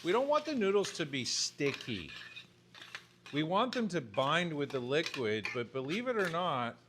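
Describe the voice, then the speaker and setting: A man's voice: mid-range voice, background noise. A man in his fifties, a chef giving a chatty, joking cooking demonstration. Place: home-style kitchen. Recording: kitchen clatter of pans and cutlery.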